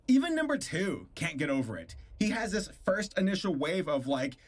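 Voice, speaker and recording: A man's voice: fairly high pitch, animated, normal speed, few pauses. A man hosting a stream, reviewing a cartoon episode in casual, incredulous commentary, disgusted and laughing often.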